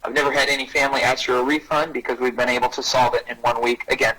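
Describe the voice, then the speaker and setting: A man giving an energetic parenting talk on bullying who acts out short dialogues in a raised voice. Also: fast talker, husky, poor audio. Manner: energetic, acts out little dialogues with rising pitch. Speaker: anti-bullying speaker and parenting coach.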